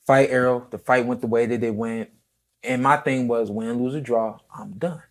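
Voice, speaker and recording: A retired boxer talking casually in an interview, reflective and unhurried, often quoting himself and others as he tells his story. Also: mid-range voice, fairly even intonation.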